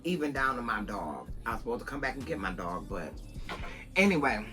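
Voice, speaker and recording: A woman's voice: a bass voice, big pitch swings, fairly quick, over music. A woman from Buffalo, New York, vlogging a casual storytime to her viewers, talking conversationally and calling her listeners "girl".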